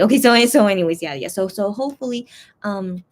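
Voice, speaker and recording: A woman's voice: mid-range voice, fairly quick. A young woman in casual chat, rambling to her viewers with lots of fillers and restarts. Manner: chatty and animated, talking straight to viewers. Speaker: fan vlogger.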